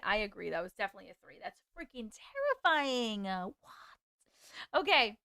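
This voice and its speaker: A woman's voice: on the high side, expressive, moderate pace, pushed and bright, smooth. A woman hosting a live stream, chatting casually with viewers, laughing often and swearing now and then, then reading their stories aloud.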